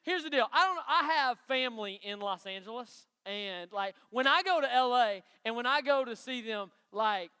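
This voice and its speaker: A man with an East Tennessee country accent preaches to a youth crowd in a chatty, folksy way and keeps asking them questions. His voice sits very high, sharp and bright. It rings through a big hall with a long reverb tail. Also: expressive, normal speed, hardly any pauses, clear, resonant tone. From Knoxville, Tennessee. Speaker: youth pastor. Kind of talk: youth sermon.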